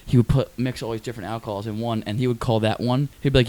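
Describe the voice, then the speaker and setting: A man's voice: medium pitch, steady tone, fast, darkish tone. A male podcast host from Westchester, New York, telling a rambling story in casual, profane talk on a close mic.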